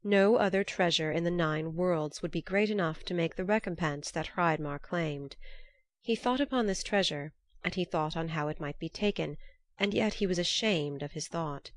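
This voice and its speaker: A woman reads a storybook aloud in a steady, measured way. Her voice sits low for a woman and sounds close and dry, with no room echo. The delivery is even and unhurried. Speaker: narrator. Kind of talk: storybook reading.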